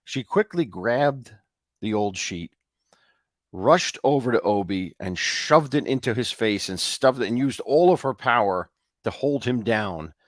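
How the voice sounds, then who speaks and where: A man co-hosting a show, casually retelling a ghost story in a loose, halting way. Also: mid-range voice, lively intonation, dry recording, clean studio sound. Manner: loose, with fillers and restarts. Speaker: co-host.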